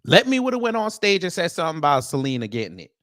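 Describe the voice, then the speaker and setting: A man's voice: on the high side, wildly swooping pitch, very fast, fairly bright tone, no echo, studio quality. A man hosting casual reaction commentary, talking to his viewers as family with frequent stammered restarts. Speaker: commentary show host.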